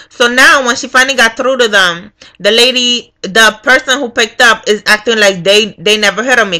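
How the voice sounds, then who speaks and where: A woman's voice: medium pitch, sharp tone. A young woman telling a profane storytime rant as a vlogger, acting out the people in her story. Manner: profane, acts out every voice in the story.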